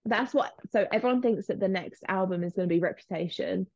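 A woman's voice: medium pitch, a little mellow, no room sound. A young woman, co-hosting a podcast in casual, gossipy chat full of fillers. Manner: chatty, gossipy, quick with fillers. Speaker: podcast co-host. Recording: slightly dull, lo-fi sound.

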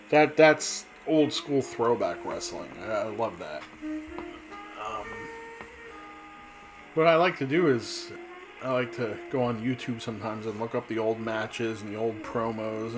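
A man's voice: mid-range voice, rough recording. Chatty rambling man, faint music. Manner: chatty, rambling, frequent fillers and restarts. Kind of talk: casual rambling monologue.

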